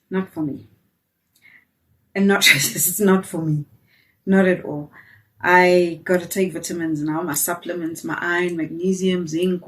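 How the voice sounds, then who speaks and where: A woman chats candidly to her viewers. She talks in a lowish voice, full of restarts and fillers. She sits a bit back from the mic. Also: distant mic. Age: 40s. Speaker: vlogger. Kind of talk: casual chat to camera.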